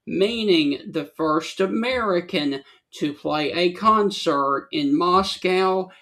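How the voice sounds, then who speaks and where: A man co-hosting a sports talk show, reading notes aloud in a measured way. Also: sits high, fairly bright tone.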